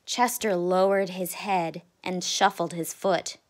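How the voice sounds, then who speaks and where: A woman, a teacher, reading a children's picture book aloud in an expressive, deliberate way. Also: lowish voice, a little hiss or hum. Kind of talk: read-aloud storybook narration.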